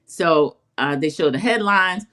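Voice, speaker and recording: A woman's voice: on the low side, lively intonation, a little slow, over a noisy crowd. A woman co-hosting an online talk show, recapping a reality series in a chatty, opinionated way. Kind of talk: casual recap chat.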